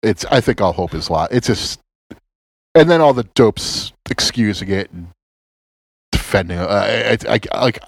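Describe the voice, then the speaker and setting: A man's voice: fairly low pitch, moderate pace, vocal fry, slightly rough, no room sound. A man talking casually as a podcast co-host, sarcastic and profane, often stammering and restarting his sentences. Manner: animated, sarcastic, swears a lot, stammers and restarts.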